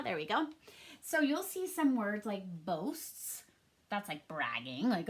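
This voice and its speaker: A woman's voice: mid-range voice, big pitch swings, slow, vocal fry. A woman teaching a first grade reading lesson for a home recording, upbeat and encouraging in a sing-song teacher manner.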